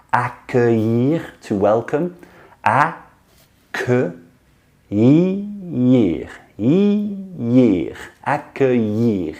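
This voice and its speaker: A man teaching French pronunciation in a casual video lesson, saying sounds slowly, repeating them and cheering the learner on. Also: low-pitched, darkish tone.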